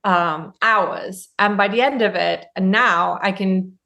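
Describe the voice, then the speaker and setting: A woman's voice: medium pitch, slow pace, creaky, pushed and bright. A German-born woman chats as a podcast guest, her voice in a middle register. She tells her stories loosely, full of ums, restarts and asides. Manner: chatty storytelling, frequent ums and restarts. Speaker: guest author. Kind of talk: podcast interview.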